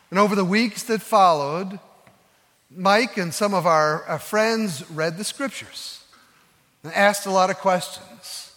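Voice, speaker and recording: High-voiced pastor preaching in a hall. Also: male voice. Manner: earnest storytelling with soft, slow emphases. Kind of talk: sermon. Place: church sanctuary.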